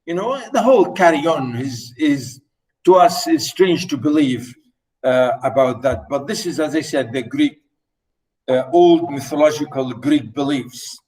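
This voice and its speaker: A man's voice: on the high side, expressive, unhurried, darkish tone, distant mic, poor audio. A man teaching a play, hesitant, with many fillers, repeating and rewording phrases as he explains. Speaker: literature teacher.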